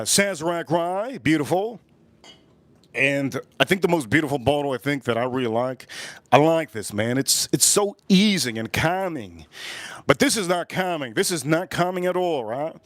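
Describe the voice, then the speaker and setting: A man's voice: fairly high pitch, a bit bright, dry recording. A middle-aged man hosting a casual livestream from home, rambling and repeating himself as he talks straight to his viewers. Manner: rambling, repeats phrases, addresses viewers directly. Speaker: livestream host.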